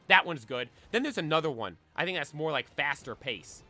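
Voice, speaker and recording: A young man streaming casually, chatting excitedly and belting out theme songs. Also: fairly high pitch, brisk, dry recording, faint music behind. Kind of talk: casual chat while shiny hunting.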